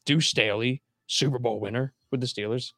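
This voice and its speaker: A young adult man hosting a casual sports talk show, animated and quick to jump into high voices. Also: no echo, studio quality. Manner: animated, jumps into high voices when quoting. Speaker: podcast host.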